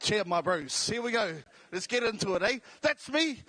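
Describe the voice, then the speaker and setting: Comedian, man, South Auckland accent, higher pitch, dry close sound. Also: lively intonation, moderate pace, bright, forceful tone, no echo. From New Zealand. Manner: jokey, self-deprecating. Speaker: comedian and radio host. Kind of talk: stand-up style talk. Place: large indoor venue.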